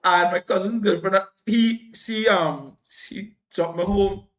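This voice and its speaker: Young trinidadian man, livestream storytelling, lively, voices jump high for quotes, laughs along. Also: slow. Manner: animated, jumps high when quoting people, laughs while telling.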